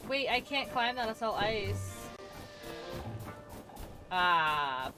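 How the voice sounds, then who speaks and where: A woman's voice: mid-range voice, animated, drawn-out words, long pauses, over music. A woman streaming a video game, chatting casually and reacting aloud as she answers her chat. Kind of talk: casual gameplay commentary.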